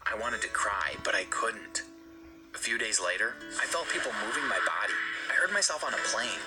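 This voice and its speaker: A man reading a scripted first-person story in an earnest, steady way for an animated video. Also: on the low side, low-quality recording. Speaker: narrator. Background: background music.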